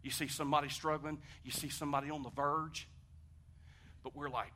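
A preacher man with a very bright, slightly high voice. He preaches in a chatty way, firing questions at the congregation. He drops to a hush, then climbs to a shout. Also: brisk, a little hiss or hum. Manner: animated preaching, swings from hushed to shouting; conversational, asks the congregation questions. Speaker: pastor. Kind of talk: sermon.

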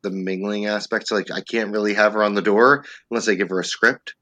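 Comedian guy telling a story on a podcast, super bright edgy voice, jumps into loud panicky bits. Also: on the low side, fairly quick, dry recording. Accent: New Jersey. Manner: animated storyteller, acts out his own panicked voice. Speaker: stand-up comedian, guest.

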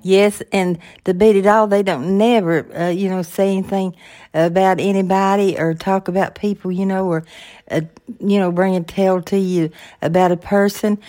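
An older woman co-hosting a faith-based podcast, talking in a warm, folksy and agreeable way. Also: mid-range voice, steady tone, normal speed. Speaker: podcast co-host, the host's mother.

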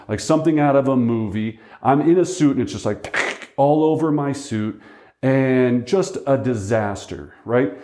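Man, real estate agent, storytelling lesson, relaxed dark tone, roomy echo. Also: medium pitch. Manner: conversational, often checks in with "right?".

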